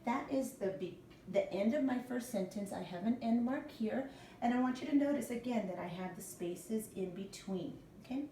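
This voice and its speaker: Woman teacher, patient, spells letters out for little ones; mellow tone, faint room ambience behind. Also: a little high, normal speed, a little hiss or hum. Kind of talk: recorded classroom lesson for young children. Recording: echoey room, mic at a distance.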